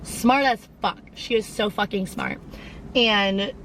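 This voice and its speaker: A woman's voice: medium pitch, takes it slowly, a bit bright, a little hiss or hum, low-quality recording. Chatty young woman rambling on tangents. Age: around 20. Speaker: podcast host. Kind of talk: casual chat.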